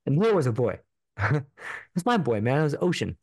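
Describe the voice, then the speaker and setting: Podcast guest, man, earnest and profane, mid-pitched voice, dry close sound. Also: very animated, a little fast, a little mellow, husky, no room sound. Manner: earnest, profane, repetitive, full of fillers. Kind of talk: emotional personal storytelling.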